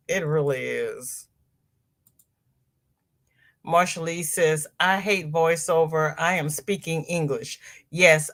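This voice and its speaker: A woman's voice: low-pitched, fairly bright tone. A middle-aged woman hosting a casual livestream, chatting with viewers and reading their comments aloud. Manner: chatty, exclaims and laughs while reading comments. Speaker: host reading live chat. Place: home.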